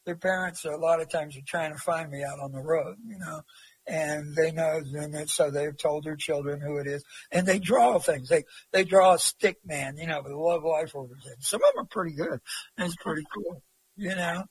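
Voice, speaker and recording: Folksy man, interview guest; high, husky voice, dry close sound. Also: moderate pace, no echo, rough recording. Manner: rambling, folksy, many fillers. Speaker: interview guest, long-distance walker. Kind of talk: casual storytelling.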